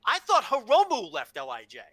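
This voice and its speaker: Male co-host, bright and sharp, dry close sound, excitable storyteller who swears a lot. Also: extremely high pitch, a little fast, no room sound. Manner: excited, swears freely, retells with exclamations. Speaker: podcast co-host. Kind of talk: casual chat.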